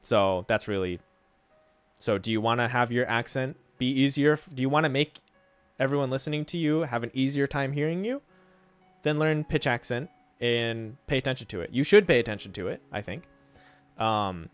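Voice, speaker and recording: A man's voice: mid-range voice, animated, normal speed, pauses often, no room sound, faint music behind. A man streaming and teaching Japanese, answering viewers' questions in a casual, thinking-aloud way and often checking in with "right?". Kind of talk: casual livestream talk to chat.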